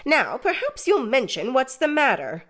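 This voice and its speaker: A woman voicing a sharp-tongued, bullying older sister who snaps and scolds in an audiobook. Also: high-pitched, wildly swooping pitch, normal speed, voice pushed up, exaggerated voice. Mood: scolding.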